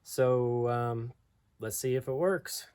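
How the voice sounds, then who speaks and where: A man casually talking through a do-it-yourself car repair, relaxed and self-deprecating, with plenty of fillers. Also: mid-range voice, takes it slowly, clean tone, dry recording. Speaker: DIY vlogger. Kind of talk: casual how-to narration.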